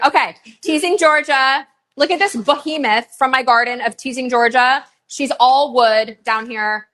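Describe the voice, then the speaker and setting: A middle-aged woman hosts a live online shopping show, chatting in a bubbly, gushing manner and running quick countdowns between items. Her voice sits high and a bit bright.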